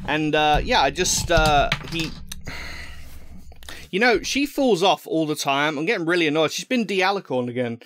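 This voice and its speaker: A man's voice: a little high, lively intonation, normal speed, background noise. A young man rambling and joking as he unboxes fan mail at home into a desk microphone, full of fillers and restarts. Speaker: vlogger opening fan mail. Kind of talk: casual unboxing vlog. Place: room at home.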